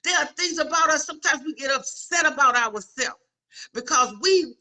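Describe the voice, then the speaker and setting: A middle-aged woman preaches an inspirational talk with a high, bright voice. She repeats her points with emphasis and keeps calling out to her listeners. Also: moderate pace. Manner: emphatic, repetitive, calls out to listeners. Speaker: inspirational speaker.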